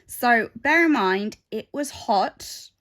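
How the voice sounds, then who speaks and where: A woman's voice: on the high side, animated, takes it slowly, a bit bright. Woman, casual craft-vlog chatter, rambling asides, phone mic. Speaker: craft vlogger. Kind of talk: casual chat while stitching.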